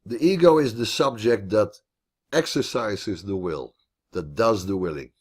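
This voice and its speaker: A man's voice: fairly low pitch, lively intonation, measured pace, a little mellow, husky. A man teaching philosophy online in a video call, thinking aloud as he explains, with restarts and repeated words.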